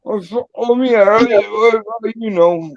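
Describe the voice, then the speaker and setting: A man with a West Country accent, chatting as a panel guest in a rambling, sweary, excitable way. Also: high voice, takes it slowly, dull audio. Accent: West Country English. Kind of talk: casual chat.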